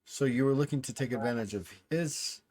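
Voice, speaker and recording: A man's voice: medium pitch, fairly quick, a little mellow. A man in a tabletop role-playing game, asking questions in a casual way.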